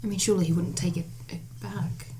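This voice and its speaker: Gentle, probing woman role-playing. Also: on the low side, little pitch movement, quick pace. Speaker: player. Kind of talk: in-character tabletop role-play. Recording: background noise.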